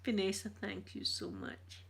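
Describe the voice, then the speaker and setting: A Scottish woman chatting with her viewers on a live stream, switching between whispers and soft talk. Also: medium pitch, big pitch swings, a little slow, creaky, breathy edge. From Scotland. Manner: uses Scottish words like wee.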